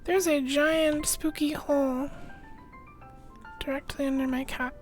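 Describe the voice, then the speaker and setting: A woman's voice: sits high, fairly even intonation, measured pace. A young woman chatting casually on a live gaming stream, rambling and answering chat offhand. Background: background music playlist.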